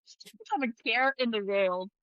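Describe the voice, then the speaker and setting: A woman in casual chat, chiming in with quick asides and laughing along. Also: a little high, animated, a bit bright, no room sound, highs cut off.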